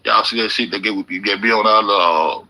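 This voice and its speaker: A man's voice: on the low side, steady tone, fast talker, sharp tone, low-quality recording. A middle-aged man giving rambling, joking, heavily profane reaction commentary on videos. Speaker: YouTube commentator.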